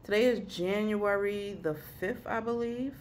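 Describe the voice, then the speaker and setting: A young woman talking at her home desk in a casual vlog, rambling and halting, close to tears. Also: mid-range voice, a little hiss or hum. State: weepy, emotional. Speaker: vlogger.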